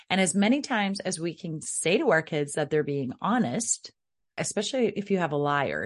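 A woman with a Midwestern US accent hosting a parenting podcast, coaching in a conversational way and asking rhetorical questions. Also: low voice. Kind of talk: podcast advice talk.

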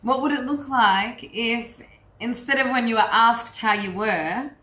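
A woman's voice: on the high side, a little slow, pushed and bright. A woman coach giving a frank, earthy workshop talk to a group, swearing freely and speaking with animation. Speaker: women's empowerment coach. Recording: echoey room.

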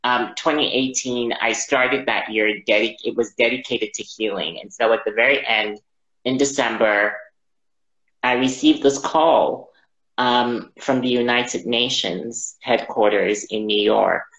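A man telling a personal story as an interview guest, halting and reflective, often repeating his words. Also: mid-range voice, fairly even intonation, a bit bright. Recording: roomy, dull lo-fi audio.

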